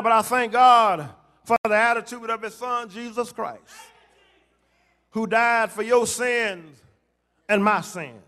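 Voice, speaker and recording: A man preaching a sermon, repeating phrases and rising to shouted climaxes. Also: very high voice. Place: church sanctuary.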